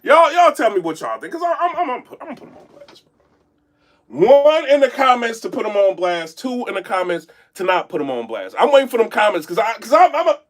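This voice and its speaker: A man talking indoors in a casual live-stream commentary, animated and rambling, often checking in with his chat. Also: high-pitched, fairly quick, hardly any pauses. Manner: animated, rambling, keeps asking "you know what I'm saying". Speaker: battle rap commentator and blogger. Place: indoor room.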